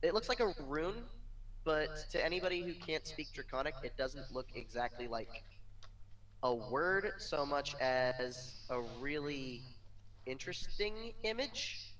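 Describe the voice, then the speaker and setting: A man's voice: on the high side, animated, unhurried, a bit bright, recorded from a distance, low-quality recording. Joking male player, off-mic. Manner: descriptive, joking. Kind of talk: playing a tabletop game.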